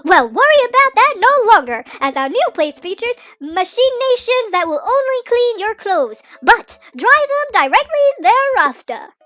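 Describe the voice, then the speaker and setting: A woman's voice: very high-pitched, sing-song, normal speed, hardly any pauses, fairly bright tone, faint music behind, voice pushed up, heavily acted. Woman reading as a corny, wistful widowed dad. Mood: hammy. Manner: corny dad jokes, goofy announcer bits. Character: warm joking middle-aged widowed dad.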